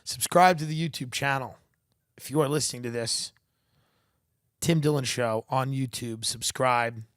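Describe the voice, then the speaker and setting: A man's voice: mid-range voice, moderate pace, fairly bright tone, no room sound, studio quality. A man hosting a comedy podcast, riffing in a profane, sarcastic, rambling monologue.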